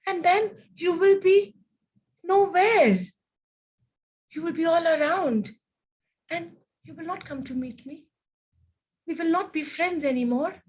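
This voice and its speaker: A woman's voice: very high voice, slow, long pauses, low-quality recording. A woman voicing a worried, tearful little girl in a children's story, pleading with her friend. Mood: upset. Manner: pleading, upset.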